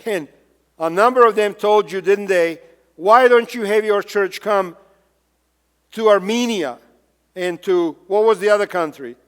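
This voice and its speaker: A pastor preaching a sermon, emphatic and fond of repeated rhetorical questions. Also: male voice, high voice, a little slow, pauses often, clear, resonant tone, big-room sound. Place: church sanctuary.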